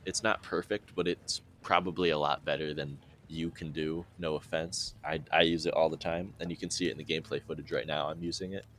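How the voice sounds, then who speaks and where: A young man narrating a casual gameplay tutorial in a relaxed, chatty way with dry sarcastic asides. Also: rumbling low, a little hiss or hum. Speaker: game guide narrator.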